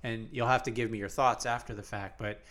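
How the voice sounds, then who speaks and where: A man co-hosting a sports podcast in a relaxed, rambling way, full of fillers and restarts. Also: fairly low pitch, fairly quick. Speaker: podcast co-host. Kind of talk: casual sports chat.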